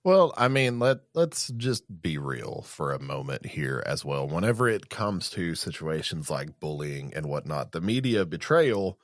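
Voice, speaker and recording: A man's voice: sits low, sing-song, measured pace, hardly any pauses, dry recording, studio quality. A man co-hosting a podcast, talking bluntly and casually, with some swearing. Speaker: podcast co-host. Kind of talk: casual chat.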